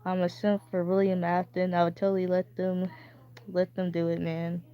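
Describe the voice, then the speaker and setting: A woman's voice: fairly low pitch, monotone, moderate pace, smooth. A woman streamer chatting casually, rambling and stammering playfully. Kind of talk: casual chat. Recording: dull dry recording.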